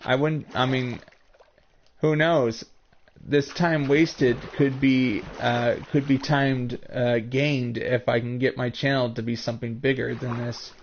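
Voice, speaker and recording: A man from the United States with a Northern US accent, chatting casually with his live-stream viewers in a rambling, halting way full of restarts. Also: medium pitch, fairly even intonation, lo-fi sound, a little hiss or hum.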